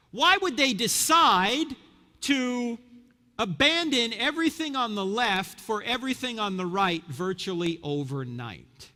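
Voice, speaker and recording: A man of about fifty giving a sermon-style lecture to a live audience, telling stories and asking rhetorical questions. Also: sits high. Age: around 50. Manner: animated storyteller, rhetorical questions. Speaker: Christian speaker. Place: large hall with audience. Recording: reverberant hall.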